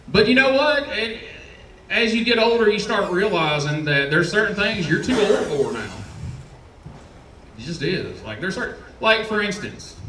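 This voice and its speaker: A man's voice: high-pitched, a bit bright, recorded from a distance, a little hiss or hum. A man in his forties with a Southern US accent doing a profane, rambling, self-mocking stand-up set on a comedy club stage. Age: 40s. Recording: roomy club sound from off-mic.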